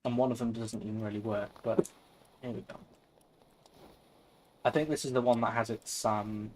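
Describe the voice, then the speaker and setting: A man's voice: lowish voice, steady tone, normal speed, slight background noise. Chatty man streaming a game. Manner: chatty, swears casually. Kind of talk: casual gaming chat.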